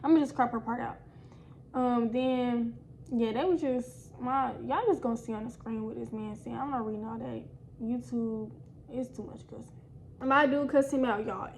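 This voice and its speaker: Young woman vlogger, high voice, chatty storytime delivery with light background hiss. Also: rough recording. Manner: animated, slangy, addresses viewers as y'all. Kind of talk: casual storytime.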